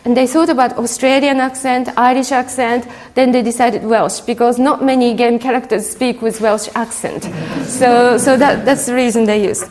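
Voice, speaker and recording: A woman giving a keynote talk in a conference hall, halting often with fillers. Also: on the high side, steady tone, darkish tone, a little hiss or hum. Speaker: keynote speaker.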